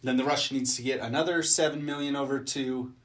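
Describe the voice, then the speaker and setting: Guy rambling through a movie plot, swears a lot, super casual, mid pitch. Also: fairly even intonation, quick pace, fairly bright tone. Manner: loose, profane, rambling. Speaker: movie reaction host. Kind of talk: casual film recap and reaction.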